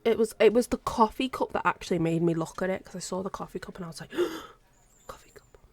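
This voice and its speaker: Bubbly husky woman streamer. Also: mid-range voice, very fast, no room sound. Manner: chatty, bubbly, drifts into whispers. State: sore throat. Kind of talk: casual live-stream chat.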